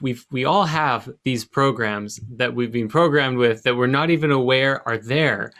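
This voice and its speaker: A male host with a slightly higher voice asks his guest a long, winding question. He often hesitates and restarts while he searches for the right words. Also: a bit bright. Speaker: podcast host. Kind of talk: casual interview questions.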